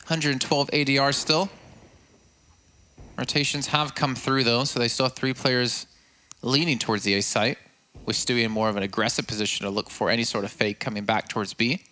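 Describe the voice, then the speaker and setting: A man commentating live on an esports match in a measured, analytical way. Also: mid-range voice, fairly even intonation, pushed and bright, slight background noise.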